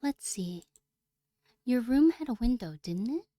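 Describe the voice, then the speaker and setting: A calm, playful young senpai girl from a game, as a woman reads her lines. Her voice sits a touch higher and mellow, soft-spoken and gently teasing. The sound is dry and close, with no room around it. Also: a little slow, no echo.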